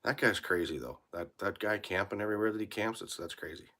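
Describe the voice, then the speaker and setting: Low-voiced mechanic, blunt and profane. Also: male voice, fast, pushed and bright. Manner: blunt, swears freely, rambling shop talk. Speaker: mechanic livestreaming from his shop. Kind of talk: casual live-stream chat, reading viewer comments. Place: his workshop.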